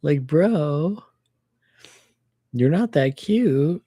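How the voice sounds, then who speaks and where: A woman livestreaming a casual chat, telling an animated story full of swearing. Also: low voice, unhurried, no room sound, clean studio sound. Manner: animated storytelling, swears freely, acts out quotes.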